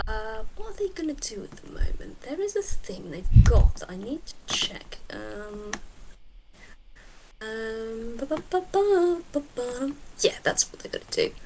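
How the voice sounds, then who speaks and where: A woman runs a tabletop game in an animated, giggly way. Her voice is a touch higher than most, with faint hiss in the background. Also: rough recording. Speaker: game master.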